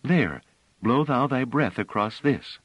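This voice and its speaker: A man voicing a gentle woman who speaks in an old-fashioned formal way in a storybook reading. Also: medium pitch, expressive, takes it slowly, husky, no echo, pitched above the performer's own voice, exaggerated voice, low-quality recording. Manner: old-fashioned formal speech with thee and thou.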